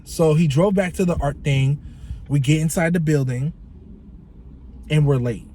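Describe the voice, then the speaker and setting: Guy vlogging a rant story, kinda high voice, cusses a lot, faint hum behind him. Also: measured pace, long pauses. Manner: animated, profane, imitates his friend in shifting voices. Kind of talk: casual storytelling vlog.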